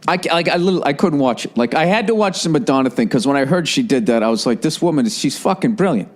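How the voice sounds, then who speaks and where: A man in his forties hosting a podcast, ranting in a profane, sarcastic, animated comedic style. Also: medium pitch, fast. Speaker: podcast host. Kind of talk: comedic rant.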